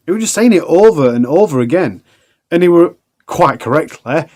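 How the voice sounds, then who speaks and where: A man's voice: fairly high pitch, expressive, moderate pace, a little mellow. A man narrating a true crime documentary in a plain, conversational way with casual asides.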